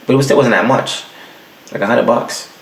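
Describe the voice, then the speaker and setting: A young adult podcast host rants casually and profanely at home, in a room with the heat off, telling animated stories with acted-out quotes. His mid-range, creaky voice is fairly quick and reverberant.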